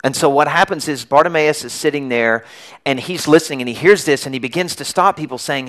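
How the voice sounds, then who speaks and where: A middle-aged man delivers a Sunday sermon, walking his congregation through a Bible story. He tells it with animation, slipping into raised, shouted lines for the people in it. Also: fairly high pitch, a little fast. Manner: animated storytelling, acting out the crowd's and beggar's shouts. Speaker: pastor.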